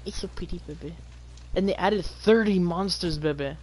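A man's voice: high voice, moderate pace, a little hiss or hum. A man playing a video game beside a child, chattering playfully, humming tunes and yelping at the action. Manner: excitable, hums, calls out gasps and yells. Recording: game music playing behind. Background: game music.

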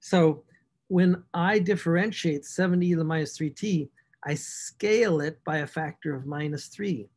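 This recorded math class features a man whose voice sits on the high side, moving at a moderate pace. Writing out equations, he talks them through to himself and emphasizes key words with animation.

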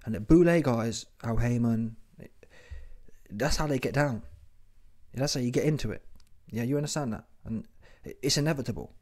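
A man's voice: medium pitch, moderate pace, darkish tone. A man hosting casual commentary, slangy and mocking, who keeps tagging his lines with "yeah?". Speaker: host of a commentary channel.

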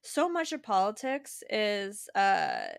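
A woman's voice: mid-range voice, wildly swooping pitch, takes it slowly, gravelly, clear, resonant tone, no echo, studio quality. A woman co-hosting a podcast, chatty and storytelling in tone. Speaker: podcast co-host. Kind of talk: casual political podcast chat.

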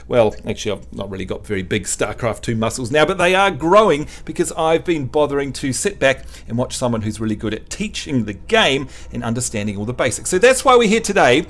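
A man's voice: mid-range voice, sing-song, a little fast, hardly any pauses. A man hosting a casual game livestream, joking with his chat and teaching the basics. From New Zealand. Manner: chatty, jokey, teasing the chat. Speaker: livestream host.

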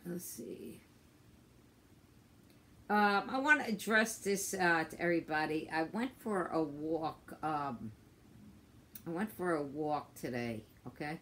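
A woman ranting casually into her phone, frustrated and profane, halting with many fillers. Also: low-pitched, expressive, fairly bright tone, a little hiss or hum. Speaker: vlogger. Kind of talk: casual rant to camera. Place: outdoors on a walk.

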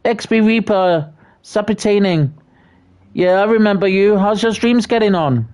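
Livestream host, slow pace, casual chat, stammers and repeats words. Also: medium pitch. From Britain. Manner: stammering restarts, repeats words, friendly shout-outs. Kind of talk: casual chat reading out viewer messages.

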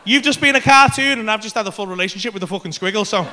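High-voiced stand-up comic. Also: male voice, rapid-fire, a little hiss or hum. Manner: animated, swears constantly, acts out voices and screams. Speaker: stand-up comedian. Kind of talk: stand-up storytelling. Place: comedy club stage.

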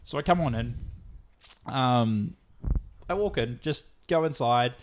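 A young man co-hosting a podcast, telling a story in casual, swearing, animated chat. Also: medium pitch, slight background noise. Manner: rapid, animated, laughing. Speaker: podcast co-host.

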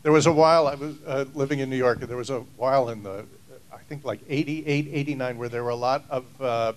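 A man recalling old stories on a convention panel in a dry, deadpan, unhurried way. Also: mid-range voice, slight background noise, poor audio. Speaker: actor panelist.

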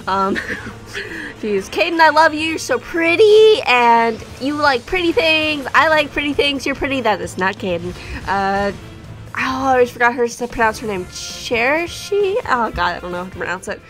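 A young woman giving casual, excitable commentary on her game summons, pleading and laughing often. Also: a little high. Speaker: gaming YouTuber.

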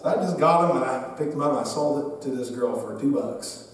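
A man's voice: medium pitch, fairly quick, a little hiss or hum. A man preaching a sermon, a pastor telling a humorous personal story and joking with his congregation. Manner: humorous, lively storyteller who acts out the people in his stories; talks directly to the congregation and jokes with them. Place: church sanctuary. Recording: echoey church hall, mic at a distance.

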